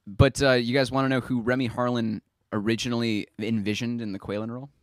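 A man co-hosting a film podcast, relaxed, sharing movie trivia and laughing often in casual chat. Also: medium pitch, fast. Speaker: podcast co-host.

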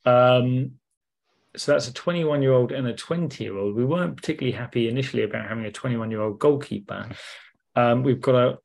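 A man's voice: medium pitch, creaky, a little mellow. A man co-hosting a casual football podcast, talking in a rambling, hesitant way full of ums and restarts. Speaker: podcast co-host.

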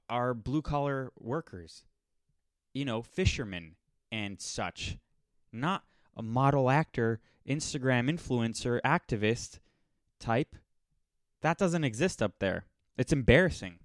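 A young man telling a rambling, sardonic story in a casual monologue, now and then mocking people in quick impressions. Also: medium pitch, animated, no room sound. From Los Angeles area.

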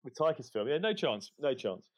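A man who writes comedy, a podcast guest telling stories in casual chat, animated and full of quick restarts. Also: mid-range voice.

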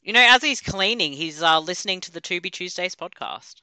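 A woman's voice: lowish voice, animated, fairly quick, sharp tone. A woman co-hosting a podcast, bantering playfully and laughing through a movie commentary. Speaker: podcast co-host. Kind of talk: casual movie commentary chat.

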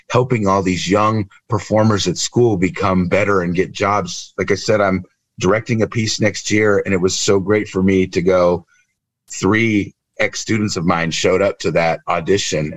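A man in his fifties, originally from California, speaks in a lowish, expressive voice as he recounts his story for an interview. He slips into acted-out quotes now and then, and the sound is dry and close over a video call. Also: dry recording. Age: 50s. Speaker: guest, improv trainer and speaker. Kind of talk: emotional interview talk.

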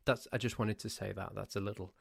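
Low, steady, creaky and husky, his voice moves at a quick pace in a studio-quality recording with no room sound. The Cheshire-born Englishman hosts a casual solo podcast, chatting in a rambling, pedantic way with ranting asides.

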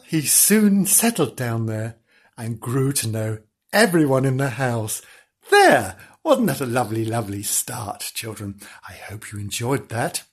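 A husky storyteller reads a children's tale in an unhurried way. The intonation swings widely. The reading keeps breaking off for jokes, giggles and mock apologies to the children listening. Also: medium pitch, darkish tone. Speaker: podcast storyteller.

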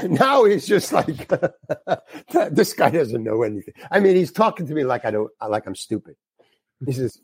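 An older man, a guest actor, telling a frank, animated story and acting out the dialogue in it. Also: on the high side, a little slow, breathy edge, no echo. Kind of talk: anecdotal storytelling.

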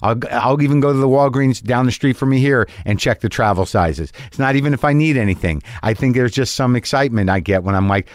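A man's voice: medium pitch, fast talker, few pauses, dry recording, studio quality. Profane rambling middle-aged male storyteller. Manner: rambling, profane, self-mocking with acted-out asides. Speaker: comedian. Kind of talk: stand-up storytelling.

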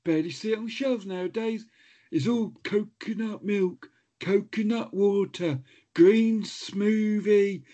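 Casting: male co-host, high voice, playful and teasing, lo-fi sound. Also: slow, mellow. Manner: playful, mock-prim, sings snatches. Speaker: podcast co-host. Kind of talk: casual banter. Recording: dull lo-fi sound.

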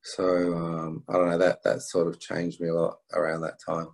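Low, flat-voiced man telling a story. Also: gravelly, rough recording. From England. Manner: halting, many restarts and fillers. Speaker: interview guest. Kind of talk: reflective storytelling.

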